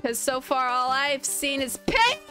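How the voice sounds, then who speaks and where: A young woman commentating her Minecraft play with an excitable, playful manner, yelping and chatting to the creatures in the game. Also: sits high. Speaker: gaming video creator. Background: background music.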